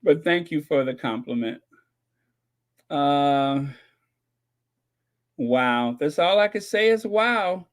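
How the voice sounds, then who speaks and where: Male streamer with a slightly high voice, chatting casually and sarcastically with his viewers. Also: sing-song, slow, pauses often. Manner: joking, sarcastic, laughs often, repeats himself. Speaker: host of a royal commentary channel. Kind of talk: casual live-stream chat reading comments.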